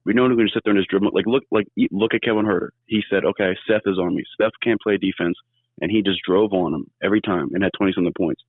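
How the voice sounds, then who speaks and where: Caller: deep-voiced man, quick and rambling, over a tinny dry phone line. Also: slightly rough, dry recording. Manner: rambling, animated storytelling. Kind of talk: casual sports chat.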